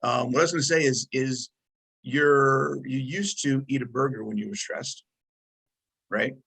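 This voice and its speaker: A host asking questions on a video call, quick with short encouraging responses and light about connection glitches. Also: medium pitch, steady tone, a bit bright, slightly rough. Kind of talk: casual conversational interview.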